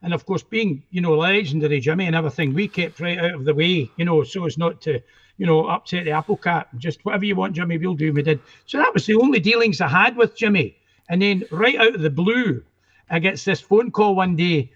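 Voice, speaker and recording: Higher-voiced older Scottish man reminiscing. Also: fairly quick, a bit bright, muffled recording. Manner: rambling, self-interrupting storyteller. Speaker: guest musician. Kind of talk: anecdotal interview chat.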